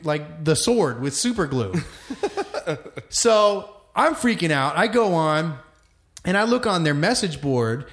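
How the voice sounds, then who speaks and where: A man casually telling a long story, animated and swearing freely as he talks. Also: sits high. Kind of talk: casual chat.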